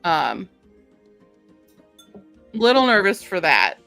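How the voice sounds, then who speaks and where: A woman's voice: medium pitch, sing-song, slow pace, creaky, bright, forceful tone, soft background music. Chatty woman hosting a book stream. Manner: chatty, laughs often, reads synopses aloud. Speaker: book reviewer host. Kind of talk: casual live-stream chat and reading aloud.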